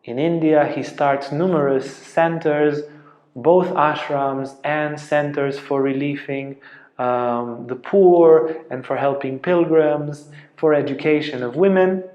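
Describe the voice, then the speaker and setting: A man giving a spiritual lecture as a teacher, telling stories earnestly and dropping to a soft hush at tender moments. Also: fairly high pitch, fairly even intonation, slow, muffled recording. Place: ashram lecture room. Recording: roomy, echoey lecture room.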